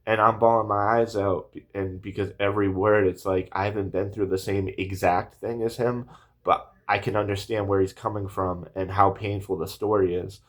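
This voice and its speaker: A man in his thirties speaks to camera in a low voice that barely rises or falls. He rambles earnestly through a personal story, restarting sentences and leaning on fillers. He sounds a little emotional throughout. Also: little pitch movement, moderate pace. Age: 30s. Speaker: vlogger.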